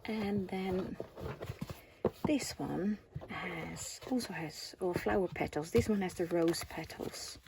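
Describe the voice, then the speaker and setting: Over a noisy background, a woman in her forties from the Netherlands talks casually with a Dutch accent while presenting her craft haul and asking viewers questions. Her lowish voice runs at normal speed with hardly any pauses.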